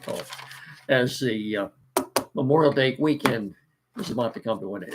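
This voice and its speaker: A man's voice: mid-range voice, normal speed, pauses often. A middle-aged man hosting a casual sports talk show, folksy and rambling with many fillers, his voice congested from allergies and a cough.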